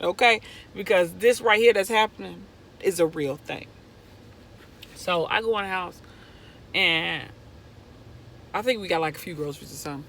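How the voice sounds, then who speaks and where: A young woman vlogger telling a personal story in an animated way, going from hushed to loud when excited. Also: fairly low pitch, normal speed, pauses often, poor audio. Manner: excitable, swings from hushed to near-shouting.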